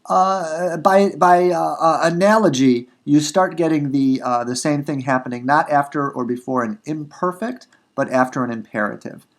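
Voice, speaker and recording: A man teaching a grammar lesson, going slowly and repeating and rephrasing each example, with frequent fillers and restarts. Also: on the high side. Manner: unhurried, repeats and rephrases for emphasis, many fillers. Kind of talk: recorded grammar lecture.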